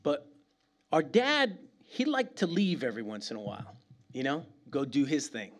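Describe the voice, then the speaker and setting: A middle-aged man from New York City delivers a sermon as a pastor, in a slightly higher-than-usual voice. He preaches in a lively, conversational way, slipping into casual slang and personal asides. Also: normal speed.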